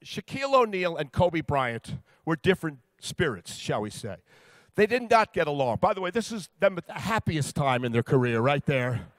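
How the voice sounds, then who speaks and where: A man on stage giving a funny talk about the athletes he has interviewed, with a slightly high, bright voice. He spins each anecdote with lively timing and lands it on a punchline. The sound is close and dry. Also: moderate pace, no room sound. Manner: lively storyteller, builds to punchlines. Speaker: sports interviewer telling stories. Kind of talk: comedic speech to a live audience.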